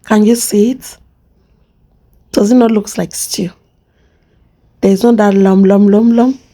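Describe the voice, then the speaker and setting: A woman with a Nigerian accent chats through a cooking vlog in a playful, talkative way, addressing her viewers directly. Her voice is mellow and relaxed rather than bright, with a mid-range pitch. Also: slow pace. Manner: playful, chatty, talks to viewers and her pot. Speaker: cooking channel host.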